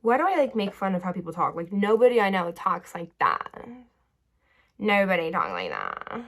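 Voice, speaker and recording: A woman's voice: mid-range voice, lively intonation, fairly quick. A young woman vlogging casually while doing her makeup at her bedroom vanity, chatty and rambling, full of "like" fillers and drifting into tangents. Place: bedroom vanity lit by a ring light.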